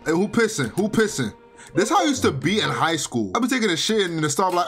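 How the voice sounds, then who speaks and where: A young man talks through his gameplay in a loose, chatty way, getting emotional and tossing in "bro" constantly. His voice sits a little high and moves around a lot. Game music plays clearly behind him. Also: sing-song, fast, a bit bright. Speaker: gaming video creator. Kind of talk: casual gameplay commentary. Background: game soundtrack music.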